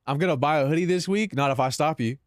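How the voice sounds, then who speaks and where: A man's voice: on the high side, fast talker, no echo, clean studio sound. A man live streaming in casual chat, talking in slang, calling his viewers "bro" and laughing between lines.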